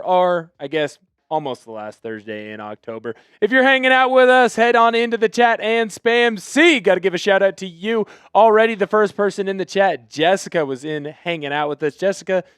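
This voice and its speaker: A man's voice: high-pitched, a bit bright, smooth, no echo, studio quality. A man hosting a live sports stream, greeting chat viewers in an upbeat, chatty way. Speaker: host.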